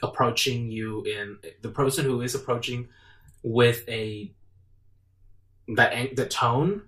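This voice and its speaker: A man in a casual discussion, speaking in a measured way and thinking aloud as he goes. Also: medium pitch, fairly bright tone, recorded from a distance. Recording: echoey room.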